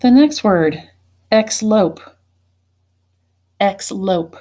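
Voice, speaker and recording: A woman teacher giving a spelling test, saying each word slowly and deliberately and then saying it again. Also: mid-range voice, lively intonation, warm tone. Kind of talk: slow spelling dictation.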